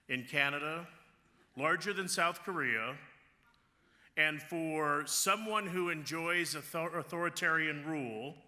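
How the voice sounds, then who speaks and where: Man, chamber leader at a gala podium, lively joking delivery, bright tone, reverberant ballroom. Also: a little high. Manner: joking, lively public speaker. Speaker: award recipient, chamber of commerce leader. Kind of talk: award acceptance speech at a gala. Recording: reverberant hall sound.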